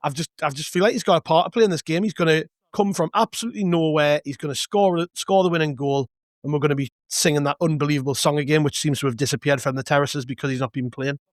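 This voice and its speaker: A man's voice: on the high side, no echo, studio quality. A man hosting a casual football podcast, joking around with his co-hosts. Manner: jokey, quick-talking. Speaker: podcast host. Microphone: remote call.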